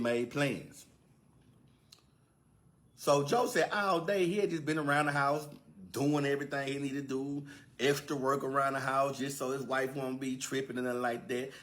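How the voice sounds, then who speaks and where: A man's voice: medium pitch, fairly bright tone. A man casually telling a comedic story in slangy speech, with repeated words and asides to the listener.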